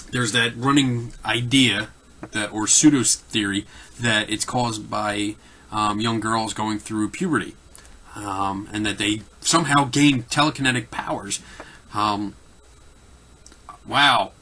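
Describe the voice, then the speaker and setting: A man's voice: on the low side, steady tone, slow, pushed and bright. A man with a Philadelphia accent talks casually and off the cuff as a host answering viewer questions, rambling with many fillers and restarts.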